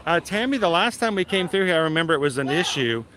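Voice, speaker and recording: A man's voice: a little high, lively intonation, fast, bright, forceful tone. A man in his thirties hosting a casual live vlog outdoors at a theme park, chatty and jokey, rambling along as he goes. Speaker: livestream host.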